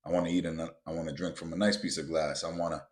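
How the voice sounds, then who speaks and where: A man hosting a motivational podcast, talking bluntly and with a lot of profanity, often building up to loud, emphatic rants. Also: deep voice, level tone, fast. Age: adult with children. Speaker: podcast host.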